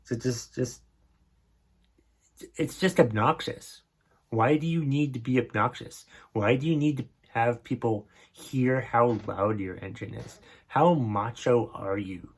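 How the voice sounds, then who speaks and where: A man's voice: mid-range voice, a little slow, breathy edge. Grumpy man ranting on a podcast. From northern New England. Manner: grumpy, exasperated, profane. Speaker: podcast host. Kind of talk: comedic rant.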